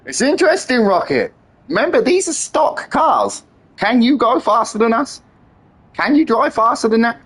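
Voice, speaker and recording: Husky high-voiced man streaming racing game. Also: normal speed. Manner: excitable, swears often, teasing banter with friends. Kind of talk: live-stream gameplay chat.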